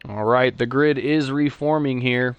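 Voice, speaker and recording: A man with a Texan accent calling a sim racing league live, chatty between races and excitable play-by-play once the lights go out. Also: mid-range voice, a little slow, clean tone, no room sound. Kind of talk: live esports race commentary.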